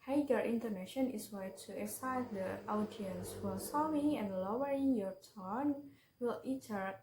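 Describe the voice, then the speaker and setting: A woman's voice: mid-range voice, normal speed, noisy background. A young woman, a native Indonesian speaker, presents a pronunciation lesson as a student, reading example words aloud and repeating each one. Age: young adult. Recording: echoey room.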